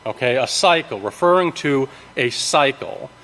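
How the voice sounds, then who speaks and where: A man giving a sermon, teaching from scripture in a halting way with many ums, restarts and checks of "okay?". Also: mid-range voice, animated, bright, forceful tone. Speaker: preacher. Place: large worship hall. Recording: long reverb of a large hall.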